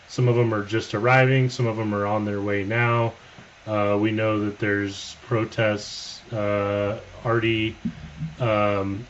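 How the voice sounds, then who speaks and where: Man, co-host, casual and halting, low voice, faint noise behind. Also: dull audio. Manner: casual, halting with many fillers. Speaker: livestream co-host.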